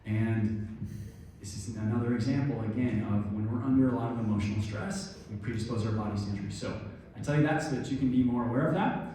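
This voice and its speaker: A man's voice: mid-range voice, quick pace, dark tone, recorded from a distance, slight background noise. A middle-aged man giving an instructive talk on stress and injury, explaining things and speaking straight to his listeners, recorded in a very echoey room from off-mic. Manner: explanatory, addresses listeners directly. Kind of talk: instructive talk with a guided breathing exercise.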